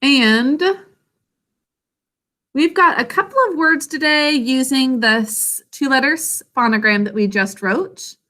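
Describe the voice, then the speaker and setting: Slow, bright-voiced woman teacher. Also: high voice. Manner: slow, clear, sounds words out syllable by syllable. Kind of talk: online spelling lesson for children.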